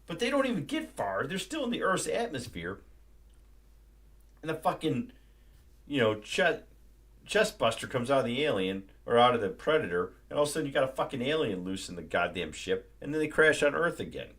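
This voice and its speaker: Man, streamer, casual rant, profane, animated, mid-pitched. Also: a little fast. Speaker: livestream host.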